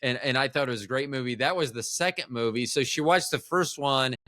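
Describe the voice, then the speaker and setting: A man's voice: medium pitch, brisk, pushed and bright, no room sound, studio quality. A man in his fifties, a film producer guest on a podcast, talking in a rambling, enthusiastic way with many restarts. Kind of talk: casual podcast chat.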